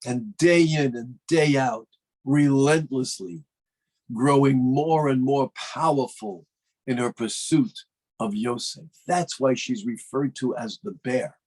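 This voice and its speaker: A man's voice: medium pitch, slow pace, a little mellow, rough recording. A man, a rabbi, giving a sermon in an emphatic manner that rises to fervent declarations.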